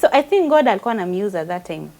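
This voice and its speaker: A woman's voice: medium pitch, big pitch swings, racing, a little mellow, low-quality recording. A woman with a Kenyan accent, a guest giving an emotional personal testimony and mixing Swahili with English.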